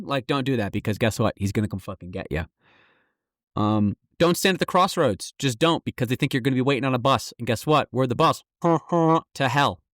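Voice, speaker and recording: A man's voice: medium pitch, no room sound, clean studio sound. Profane, joking male podcast co-host. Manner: profane, animated, jokey. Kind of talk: casual chat.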